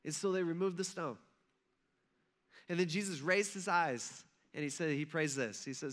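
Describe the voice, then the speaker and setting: A man preaches in a relaxed, chatty storytelling way, slipping into the voices of the people in the story. His voice sits high and sounds bright and forward. He talks loosely, with many small fillers. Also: moderate pace. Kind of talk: casual storytelling sermon.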